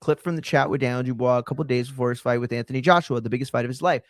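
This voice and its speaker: A man's voice: mid-range voice, racing, dry recording, studio quality. A man hosting a reaction commentary show, sarcastic and profane as he reacts to clips. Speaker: host.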